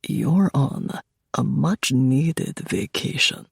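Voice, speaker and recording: An actor playing a menacing, cold mafia boss in a dark romance audiobook, slow and threatening with sudden shouts. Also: male voice, mid-range voice, dry recording, studio quality, full character voice. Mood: cold menace. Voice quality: gravelly, raspy.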